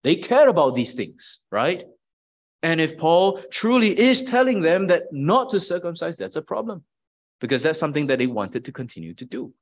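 A man's voice: a little high, sing-song, normal speed. A man preaching a sermon in a conversational teaching manner, often checking in with his listeners. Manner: conversational teaching with frequent "right?" asides.

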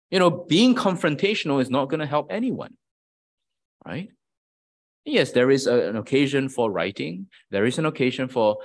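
A man preaching a sermon in a conversational teaching manner, often checking in with his listeners. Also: medium pitch. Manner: conversational teaching with frequent "right?" asides.

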